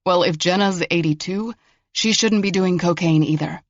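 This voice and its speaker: A man's voice: high-pitched, moderate pace, dry recording. Narrator guy doing a fed-up federal agent, dry and wry, sounds kinda muffled. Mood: exasperated. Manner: dry, exasperated. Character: exasperated, wry young male federal agent.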